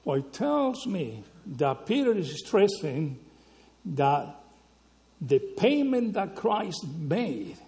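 A man preaching a sermon, teaching slowly and emphatically, often checking in with the listeners with a quick question. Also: a little high, big pitch swings, gravelly, mellow, in a large hall. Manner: slow, emphatic teaching with frequent rhetorical "right?" checks.

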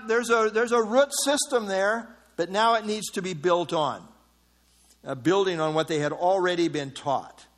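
A man with a notably high speaking voice preaches a sermon. He explains his text word by word, pausing on "uh" fillers. He breaks off into mocking asides. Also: fairly bright tone. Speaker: pastor. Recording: evening service.

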